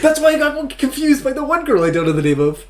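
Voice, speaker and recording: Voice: high voice, sing-song, fast talker. A podcast co-host recapping a film in a casual, rambling way with lots of fillers. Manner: rambling storytelling with many fillers.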